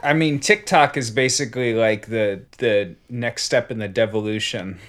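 A man's voice: on the low side, moderate pace, fairly bright tone. A man chatting casually with dry, wry humor. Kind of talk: casual chat.

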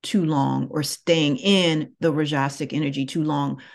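A woman who teaches yoga, talking through her thoughts slowly and reflectively, with many pauses. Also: sits low, steady tone, creaky. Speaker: yoga teacher and podcast host. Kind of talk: reflective solo podcast talk.

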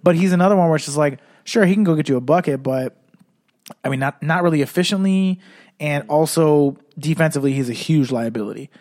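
Slightly high-voiced guy rambling on a sports podcast, swears a lot, been drinking. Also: brisk, darkish tone. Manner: rambling, profane, many restarts. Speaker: podcast co-host. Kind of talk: casual sports chat.

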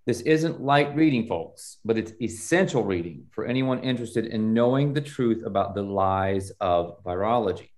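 A man's voice: on the low side, lively intonation, normal speed, few pauses, a little mellow. A man hosting an interview podcast, reading a scripted introduction with strong emphasis and then chatting with his guest. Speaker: podcast host.

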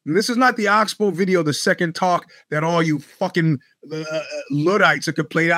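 A man's voice: sits high, a little fast, few pauses, a bit bright, dry recording, studio quality. A man hosting a show, telling rambling, sardonic stories with plenty of profanity. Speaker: podcast host. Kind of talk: casual monologue.

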